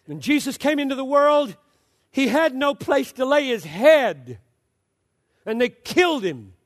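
A man's voice: very animated, measured pace. Impassioned preacher man in echoing hall. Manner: impassioned, swings from loud exhortation to low hushed storytelling. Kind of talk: sermon.

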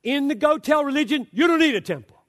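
Male preacher, high voice, fervent sermon delivery that drops to quiet asides, long reverb. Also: lively intonation, fast talker. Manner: impassioned, swings from loud exhortation to low hushed storytelling.

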